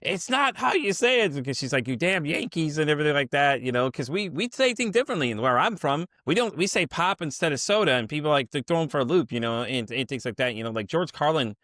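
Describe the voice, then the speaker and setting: A man's voice: a little high, expressive, fast talker, few pauses, fairly bright tone, no echo, studio quality. A man from the Chicago area hosting a podcast, chatting in a casual, rambling way with lots of "you know" fillers. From Chicago area, USA. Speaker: podcast host. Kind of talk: casual conversational interview.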